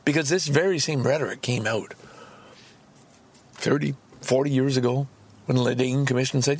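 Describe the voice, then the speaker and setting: A man's voice: medium pitch, brisk, vocal fry, husky. A man hosting a podcast, ranting angrily and profanely with heavy emphasis. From Canada. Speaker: podcast host. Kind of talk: solo podcast rant.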